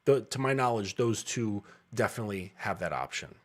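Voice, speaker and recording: A man's voice: lowish voice, lively intonation, fairly quick. A man in his thirties, a dating coach, talking bluntly and casually with frequent profanity and laughs.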